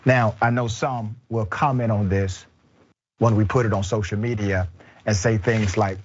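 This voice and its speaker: A man's voice: on the low side, fairly even intonation, moderate pace, lo-fi sound, a little hiss or hum. A male host of a political commentary show who speaks in short, emphatic statements.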